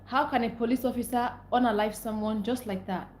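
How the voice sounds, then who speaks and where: A young Nigerian woman rants angrily to her livestream viewers, repeating herself as she vents. Her voice is fairly high, fairly quick and darkish in tone with fairly even intonation, recorded in an echoey room with a little hiss or hum.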